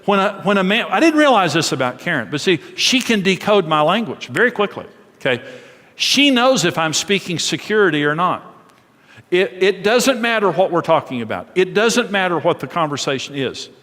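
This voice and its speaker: A man's voice: high voice, sing-song, moderate pace, fairly bright tone. Earnest male preacher in a reverberant hall. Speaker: pastor. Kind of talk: sermon on marriage. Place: church sanctuary.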